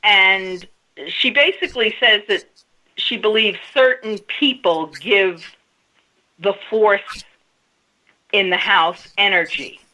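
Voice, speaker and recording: A woman's voice: mid-range voice, slow pace, pauses often, pushed and bright, poor audio. A woman guest on a radio interview, telling a story step by step in a casual way. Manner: storytelling, recounting events step by step.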